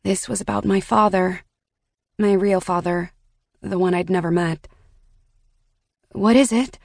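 A woman narrating a first-person audiobook in a measured, reflective way on a close studio mic. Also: on the low side, little pitch movement, vocal fry, darkish tone, no echo.

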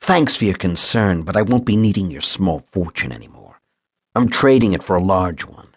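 A man's voice: low voice, expressive, moderate pace, breathy edge, no room sound, clean studio sound. A man voicing a menacing, muscular bodyguard turned captor in an audiobook, hissing and growling his threats. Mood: sarcastic.

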